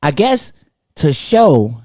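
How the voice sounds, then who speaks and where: A man co-hosting a casual talk show, animated and laughing as he talks. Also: on the high side, takes it slowly, no echo, clean studio sound. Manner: animated, laughs while talking. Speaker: podcast co-host. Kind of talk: casual chat.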